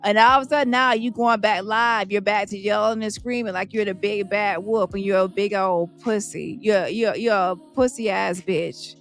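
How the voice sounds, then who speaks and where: A livestream host taunts a rival and turns to her viewers with heated reaction commentary. Her mid-range voice keeps a fairly even intonation at a moderate pace, with hardly any pauses. Soft music plays in the background as she confronts and addresses her audience directly.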